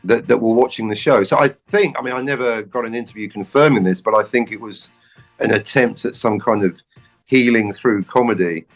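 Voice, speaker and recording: A man co-hosting a podcast, talking about an old sitcom in a rambling, jokey way with lively restarts. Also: fairly low pitch, a little fast, soft background music, low-quality recording. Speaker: podcast co-host. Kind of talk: casual film chat.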